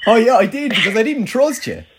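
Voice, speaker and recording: A man's voice: extremely high pitch, big pitch swings, a little fast, very noisy. Rambling sweary young Irish man. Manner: rambling, sweary, self-mocking storytelling. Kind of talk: casual banter with an old schoolmate.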